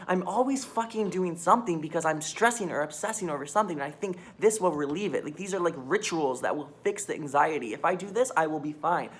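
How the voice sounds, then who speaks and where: A woman's voice: low voice, animated, fast, few pauses. A young woman vlogging a raw, rambling confession into her phone, swearing and filling with "like". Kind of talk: candid personal confession to phone camera.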